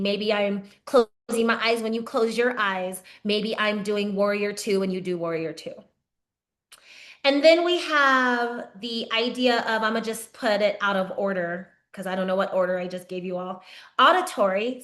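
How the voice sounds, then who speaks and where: Brief: woman yoga trainer, slightly high voice, conversational lecturing style with frequent check-ins. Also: a bit bright. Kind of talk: teaching a training session.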